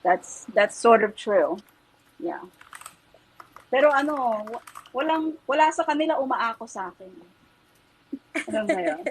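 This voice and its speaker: A husky woman in her fifties speaks with a mixed British and Australian accent. Her voice sits a little high, and she tells stories in a lively, chatty way as a podcast guest. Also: a little slow, pauses often, poor audio. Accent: mixed British and Australian English. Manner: chatty, animated storyteller who laughs often. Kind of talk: casual chat, switching between English and Tagalog.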